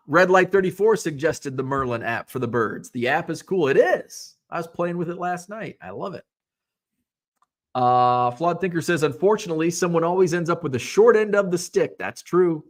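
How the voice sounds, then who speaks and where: A man's voice: on the high side, a bit bright. A man from Illinois hosting a casual live-stream, reading viewer comments aloud and answering with wry asides. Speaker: host of a sports card hobby show.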